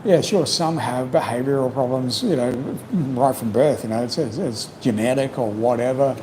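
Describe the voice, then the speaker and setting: A man hosting a casual livestream chat, rambling and reflective, full of "you know", his voice slightly croaky from long talking. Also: mid-range voice, moderate pace, noisy background. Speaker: livestream host. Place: home in Cambodia.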